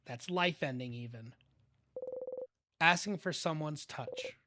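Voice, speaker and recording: A man streaming a story game, reading its text aloud in an expressive way. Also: a little high, normal speed, background noise. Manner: expressive, quiet reading with excited bursts. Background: game music.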